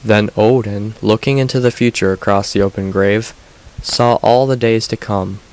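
A man reads old myths aloud in an audiobook, his voice sitting low. His telling is steady and even-paced. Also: normal speed, low-quality recording. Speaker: narrator.

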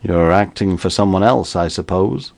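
Guy putting on a nervous ex-con, slangy, uneasy, low voice. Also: moderate pace, creaky, a little mellow, no room sound. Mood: probing. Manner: uneasy, folksy drawl with slang. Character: shifty ex-convict man, nervous, talkative.

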